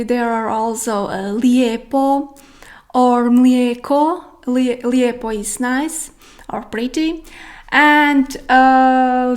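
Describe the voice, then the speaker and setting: A woman with a Croatian accent, a native Croatian speaker, teaching pronunciation slowly, with many pauses and fillers as she demonstrates sounds. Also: a little high. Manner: slow, hesitant, many fillers, careful demonstrations. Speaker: language teacher. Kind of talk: pronunciation lesson.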